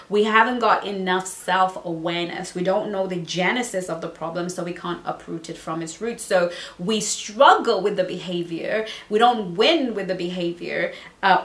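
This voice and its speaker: Brief: woman dating coach from Southern Africa, emphatic and playful, roomy echo. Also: lowish voice. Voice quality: emphatic, playful, repeats phrases for effect. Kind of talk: motivational advice video.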